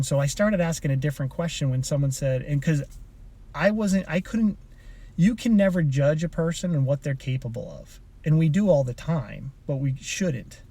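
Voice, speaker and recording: A man in a car tells a motivational story, circling back and restarting his sentences as he goes. His voice sits a bit high for a man but has a soft, mellow tone. The delivery is loose and chatty, like a coach talking straight to his followers. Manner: rambling, with frequent restarts and asides. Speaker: personal development coach. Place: inside a car.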